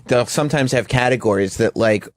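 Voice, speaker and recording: A man's voice: medium pitch, a little fast, no echo. A man co-hosting a radio show, chatting loosely with many fillers. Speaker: radio co-host. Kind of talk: casual radio banter.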